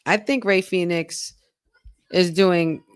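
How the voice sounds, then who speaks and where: A woman's voice: on the low side, steady tone, slow, smooth, dry recording, studio quality. A woman co-hosting a wrestling podcast, chatting casually during a live watch-along, reacting aloud and reading viewer comments.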